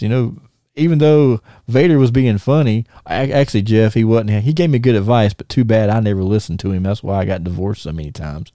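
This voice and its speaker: A man's voice: medium pitch, a little fast, warm tone, no echo, studio quality. A middle-aged man, hosting a podcast and telling a long, rambling, stop-start story to a friend. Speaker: podcast host.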